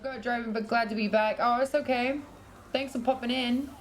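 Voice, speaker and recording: Giggly British woman streamer, high voice. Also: steady tone, moderate pace, faint music behind. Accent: British, partly American after years in the US. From Britain. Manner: chatty and giggly, swears freely, coos at her dog. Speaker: livestreamer. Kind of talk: casual livestream chat, reading out chat.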